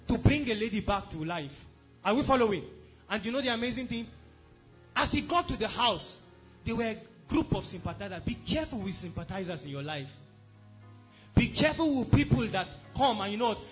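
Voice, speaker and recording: A man with a strikingly high voice preaches a sermon at a church service. He speaks emphatically and checks in with the congregation again and again. Soft music plays quietly behind him. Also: very animated, moderate pace. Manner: emphatic, repeatedly asks the congregation if they are following. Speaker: pastor.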